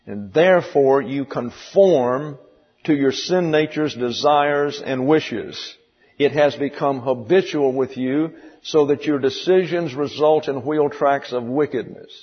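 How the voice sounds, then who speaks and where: A man's voice: mid-range voice, slow, husky. A man preaching a verse-by-verse sermon, folksy and digressive with dry humor. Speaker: pastor. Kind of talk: expository sermon. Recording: dull, distant, hall echo.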